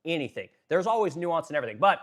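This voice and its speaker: Fast-talking, blunt male streamer. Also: fairly high pitch, very animated, a bit bright. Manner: blunt, profane, filler-heavy. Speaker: live-stream host, furniture business owner. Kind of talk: casual political commentary live stream.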